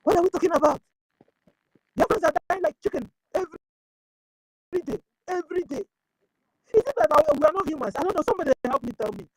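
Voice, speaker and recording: A woman's voice: very high-pitched, fast, pauses often, darkish tone, dry recording, low-quality recording. A woman with a Nigerian accent giving impassioned commentary as an activist, pleading and firing off rhetorical questions, at times switching into prayer.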